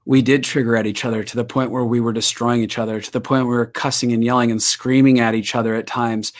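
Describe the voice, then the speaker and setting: A man's voice: medium pitch, flat delivery, fast talker. A man giving a candid, emotional personal testimony in an interview, acting out his own past prayers and outbursts. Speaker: guest sharing his story.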